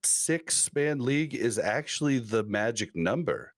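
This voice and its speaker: A man's voice: mid-range voice, lively intonation, unhurried, a crowd in the background. A man co-hosting a casual podcast chat, talking in a laid-back, agreeable way. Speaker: podcast co-host.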